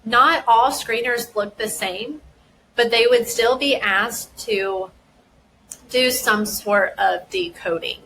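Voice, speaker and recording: A woman who works as a school dyslexia specialist, giving a careful explanation and deliberately sounding out words and their parts. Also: a little high, vocal fry, a bit bright, slight background noise, poor audio. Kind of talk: instructional explanation.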